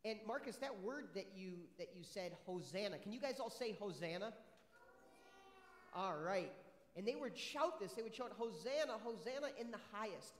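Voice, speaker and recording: High-voiced pastor questioning children. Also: male voice, expressive, moderate pace. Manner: friendly, asks many questions, upbeat. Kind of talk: children's sermon, questions to kids. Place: church sanctuary. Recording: echoey church hall with long reverb.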